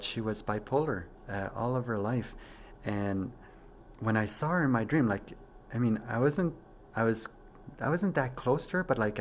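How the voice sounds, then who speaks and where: A man hosting his own vlog, telling a personal story casually and excitedly, going from hushed to exclaiming. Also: mid-range voice, slight background noise. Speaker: vlog host.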